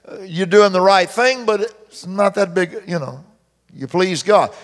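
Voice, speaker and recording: A man preaching a sermon as pastor, stretching out key verses slowly and loudly, with dramatic emphasis. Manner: mimics complainers in a high whiny voice. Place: church sanctuary. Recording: long reverb of a church hall.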